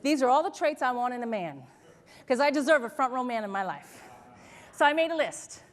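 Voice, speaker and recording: A woman motivational speaker delivers an animated keynote, her high voice ringing through a large hall with a long echo. She tells stories, laughs along with them and keeps asking the audience questions. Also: brisk. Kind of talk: keynote speech to a live audience.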